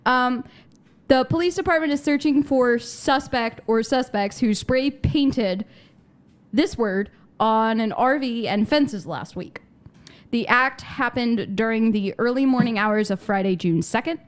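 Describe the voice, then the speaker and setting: Woman, live-stream host, slightly high voice, giggly, nerdy explainer. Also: a little slow. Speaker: host reading news stories. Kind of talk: casual live-stream chat.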